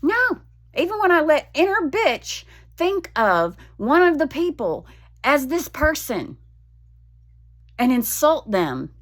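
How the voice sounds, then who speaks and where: A woman talking frankly in a personal vlog, venting with blunt swearing and halting restarts. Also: sits high, big pitch swings, a bit bright. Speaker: vlogger.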